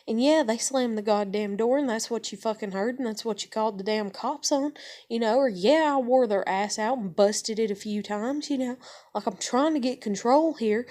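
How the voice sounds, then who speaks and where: A woman's voice: on the high side, darkish tone. A woman in her thirties ranting to camera in a casual vlog, rambling, heavy with swearing, upset and near tears. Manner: profane, rambling, heated. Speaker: vlogger.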